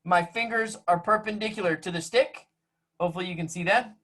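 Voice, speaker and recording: A man's voice: sits high, fairly quick, a bit bright. Playful male music teacher on a video call. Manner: playful, teasing, joking with young students. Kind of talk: online class instruction. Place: home room on a video call.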